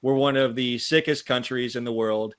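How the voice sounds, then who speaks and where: A man of ordinary middle pitch talks politics as a co-host. He speaks carefully, pausing on fillers as he thinks. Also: steady tone, a bit bright, clear, resonant tone. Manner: measured, hesitant, with fillers. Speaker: podcast co-host. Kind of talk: political talk.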